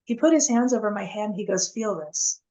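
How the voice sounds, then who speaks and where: A woman speaking as an interview guest, her voice in an ordinary middle register. She talks earnestly and casually, pausing, restarting and searching for words as she recounts what happened. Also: mid-range voice, animated, warm tone, rough recording. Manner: earnest, halting, many restarts and fillers. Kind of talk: casual spoken storytelling.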